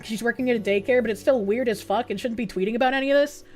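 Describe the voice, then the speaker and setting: A woman's voice: on the high side, rapid-fire, soft background music. A woman live streamer chatting casually with her viewers, blunt and profane, reacting to things with disbelief.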